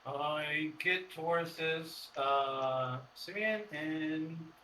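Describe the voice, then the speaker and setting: A man playing a tabletop game, halting and filling pauses with uh. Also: on the high side, bright, forceful tone, rough recording. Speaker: player. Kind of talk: casual tabletop game play.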